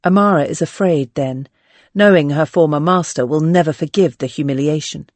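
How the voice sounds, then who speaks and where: Audiobook reader, mid pitch, steady delivery, dry close mic. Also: moderate pace, no echo. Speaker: audiobook narrator. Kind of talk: audiobook narration.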